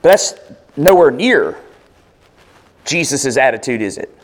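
A man's voice: mid-range voice, very animated, a little slow. A male pastor preaching a conversational, expository sermon, firing rhetorical questions at the congregation.

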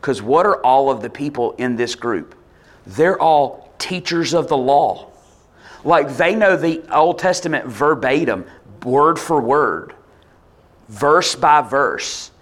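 A man preaching a conversational sermon, explaining a passage in lively, casual speech and acting out quoted voices. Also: medium pitch, takes it slowly. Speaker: pastor.

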